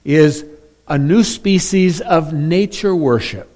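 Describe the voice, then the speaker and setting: A man preaching a sermon as pastor, emphatic, swinging between loud stressed phrases and quiet drops. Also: a little high, big pitch swings, slow, long pauses.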